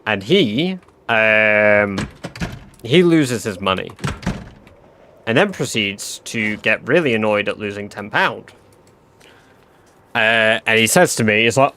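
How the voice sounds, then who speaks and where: Chatty man with a bright voice. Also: lowish voice, expressive, a little slow, slight background noise. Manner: chatty, swearing, filler-heavy. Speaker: streamer. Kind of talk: casual storytelling to a live stream.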